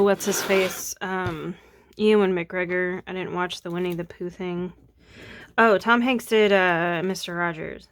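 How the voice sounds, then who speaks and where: An art vlogger with a low, gravelly voice talks casually while she draws. The young woman rambles, runs herself down a bit, and sniffles from allergies.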